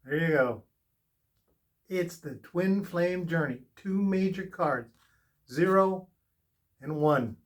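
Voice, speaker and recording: A man's voice: fairly high pitch, takes it slowly, long pauses. A man giving a spiritual tarot reading in an earnest way, repeating short reassuring phrases. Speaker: tarot reader.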